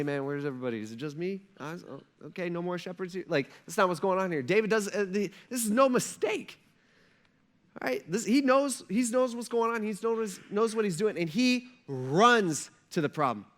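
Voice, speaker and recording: A man's voice: sits high, a bit bright. A male pastor preaching a sermon, telling a story with energy and acting out the characters' lines in casual speech.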